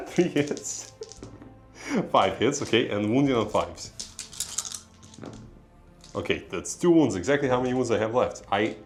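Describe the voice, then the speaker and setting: A tabletop game player with a Russian accent gives a casual play-by-play battle report, laughing often and correcting his own counts. His medium-pitched voice has lively intonation and a measured pace with long pauses, over soft background music.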